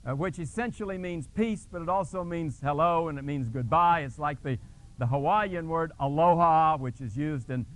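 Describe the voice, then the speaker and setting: A man's voice: normal speed, a bit bright. A male pastor preaching a sermon, retelling a scripture scene dramatically and explaining a word, with restarts and fillers. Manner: dramatic storytelling with sudden pitch jumps.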